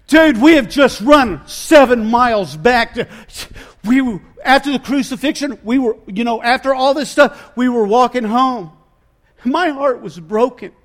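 A man voicing a breathless male traveler, rushing to tell his news loudly. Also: extremely high pitch, animated, pitched above the performer's own voice. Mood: breathless excited. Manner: loud, rushed storytelling.

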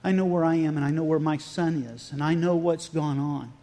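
High-voiced preacher in a reverberant hall. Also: male voice, fairly even intonation, fairly quick, mellow. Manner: dramatic retelling, acting out dialogue, rising and falling emphasis. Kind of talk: sermon.

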